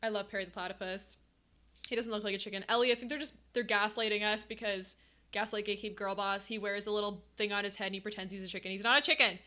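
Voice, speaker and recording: A young woman streaming live, chatting casually with her viewers, animated and laughing often. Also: medium pitch, fast talker.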